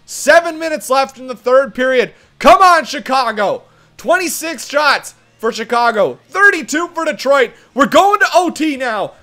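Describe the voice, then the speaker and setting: High, lively man calling a hockey game. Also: measured pace. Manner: excitable, mock play-by-play, shouting. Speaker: gaming channel host. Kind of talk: video game let's-play commentary.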